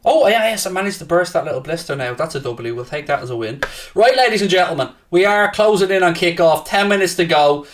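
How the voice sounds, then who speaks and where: Scouse football streamer, man, loud and sweary, a little high, set back from the mic. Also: fast, far from the mic. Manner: brash and profane, taunting rival fans; excitable, shouting at times. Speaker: host of a football watchalong stream. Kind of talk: casual live-stream chat, reading and answering viewer comments.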